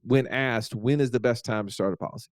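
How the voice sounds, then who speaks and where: A man's voice: medium pitch, brisk, no echo, studio quality. A man hosting a podcast, introducing the episode in an upbeat, teasing, easygoing way. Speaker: podcast host. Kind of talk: casual podcast chat.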